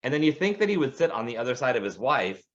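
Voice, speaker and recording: Male podcast co-host, lively storyteller, pitch jumping around, muffled lo-fi sound. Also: quick pace. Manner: animated, acts out quoted voices. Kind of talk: casual storytelling chat.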